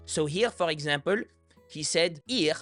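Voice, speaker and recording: A man's voice: a little high, expressive, moderate pace, a bit bright, faint music behind. A young French man with a French accent, hosting a reaction video and playfully explaining pronunciation. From France. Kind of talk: casual commentary.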